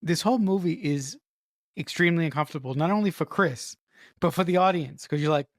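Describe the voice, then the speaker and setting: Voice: mid-range voice, fairly quick, no echo. Podcast cohost raving about a film, mid voice, repeats words a lot, dry sound. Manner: enthusiastic, repeats words while searching. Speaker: podcast co-host. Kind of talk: casual movie discussion.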